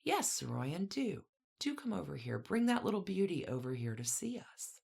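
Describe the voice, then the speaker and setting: Woman doing a bird-like grand old lady, peeping and coaxing, low and soft. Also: very animated, moderate pace, gravelly, breathy edge, heavily acted.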